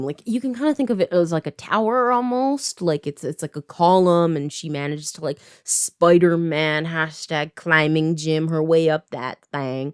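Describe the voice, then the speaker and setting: Chatty woman in her twenties from Canada, lower voice with lively swings, close dry sound, sarcastic recap. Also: dry recording. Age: 20s. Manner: chatty, filler-heavy, sarcastic asides. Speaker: writer and video creator. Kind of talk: casual plot recap to camera.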